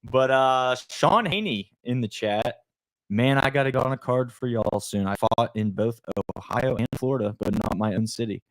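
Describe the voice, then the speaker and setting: A man's voice: mid-range voice, moderate pace, no room sound. A man co-hosting a live podcast, chatting casually and loosely with slang and fillers. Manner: laid-back, slangy, says "bro" and "like". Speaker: podcast co-host for a fight promotion. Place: studio.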